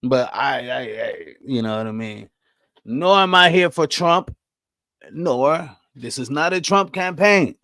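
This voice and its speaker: A man's voice: mid-range voice, animated, unhurried, creaky, sharp tone, no room sound, studio quality. A man hosting his own podcast, delivering a heated, profane monologue full of rhetorical questions, often checking in with "right?" and "you know what I mean?". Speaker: podcast host.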